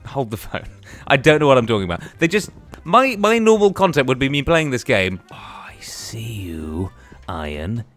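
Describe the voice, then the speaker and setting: A man giving playful, excitable Let's Play commentary, chatting to the characters in his game. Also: on the high side, brisk, soft background music. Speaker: gaming YouTuber.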